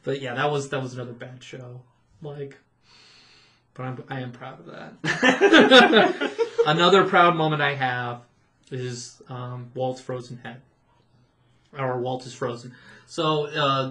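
A man in his thirties, a podcast co-host, telling stories in a casual, animated way, laughing often and acting out what people said. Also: mid-range voice. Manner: animated, laughing storyteller who acts out quotes. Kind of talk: casual storytelling chat.

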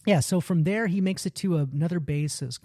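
Man, slightly higher voice, mellow tone, lively storyteller doing character lines, dry close sound. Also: fairly quick, no room sound. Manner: animated storytelling, acts out quoted lines. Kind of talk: casual chat retelling a film.

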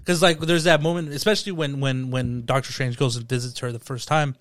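A man chatting casually as a podcast host, animated and quick to circle back on his words. His voice sits at an ordinary middle pitch and sounds close and dry, with no room around it. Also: no echo. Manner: animated, repeats words when thinking. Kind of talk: casual chat.

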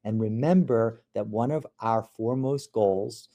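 A man giving a podcast lecture on courtroom technique, measured, with frequent fillers and restarts. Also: fairly low pitch, warm tone. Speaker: legal instructor.

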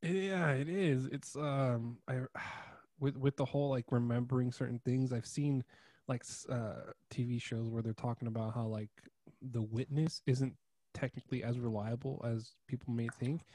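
A young man in relaxed conversation, swept up in retelling something and acting out his reactions at full volume. His voice sits at an ordinary pitch. It is recorded close and dry, with almost no room sound. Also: moderate pace, no echo. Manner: animated storyteller, swings loud when acting out reactions. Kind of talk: casual chat.

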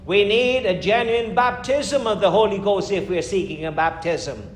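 A man preaching a fervent sermon as pastor, emphatic, with sudden rises and slowed, stressed lines. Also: high voice, slight background noise. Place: church. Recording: echoey church room.

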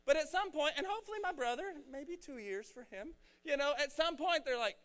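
A young male preacher in a casual, joking sermon. His voice sits high and swings widely in pitch. His delivery is animated and slangy. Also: brisk.

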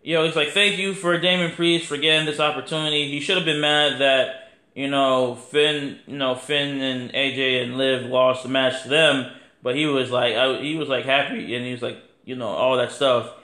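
A man hosting a podcast, talking in a casual, rambling monologue that is animated and full of swearing. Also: medium pitch, moderate pace. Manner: animated, profane, rambling, acts out quotes. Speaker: podcast host. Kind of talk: casual wrestling review monologue. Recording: echoey room.

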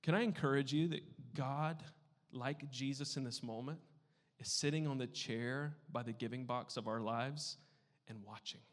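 A man preaches in a church sanctuary, his mid-range voice trailing off into the long reverb of a large hall. He talks like a conversational pastor, tossing in playful asides, then dropping into hushed, earnest tones before building back to loud emphasis. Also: mid-range voice, fairly even intonation, normal speed. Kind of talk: sermon.

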